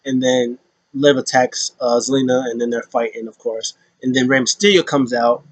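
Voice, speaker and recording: A man's voice: mid-range voice, fairly even intonation, moderate pace, no echo, highs cut off. A man casually recapping wrestling, rambling with many fillers and acting out quotes in put-on voices.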